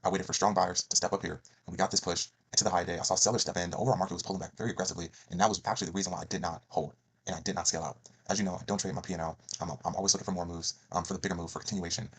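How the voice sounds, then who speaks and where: Fast-talking deep-voiced man, husky. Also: flat delivery, fairly bright tone. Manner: fast, emphatic, repeats key phrases. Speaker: trading channel host. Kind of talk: screen-share trade recap.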